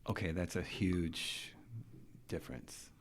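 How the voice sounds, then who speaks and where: A man's voice: lowish voice, normal speed, darkish tone. A man hosting a podcast interview, casual and chatty, firing questions and saying "okay" and "dude" often. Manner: chatty, asks many questions, says dude and okay a lot. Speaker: podcast host.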